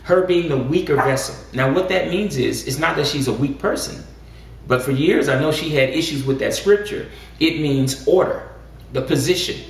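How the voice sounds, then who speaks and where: Gravelly man co-host, measured and preacherly. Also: fairly high pitch. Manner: measured, preacherly, rising with emphasis. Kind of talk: casual chat. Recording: echoey room, far from mic, faint noise.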